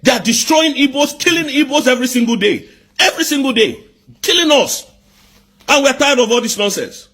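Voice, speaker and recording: High-pitched, husky man ranting. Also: animated, a little fast. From southeast Nigeria. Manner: fiery, repetitive rhetorical questions, bursts of shouting. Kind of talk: angry political rant.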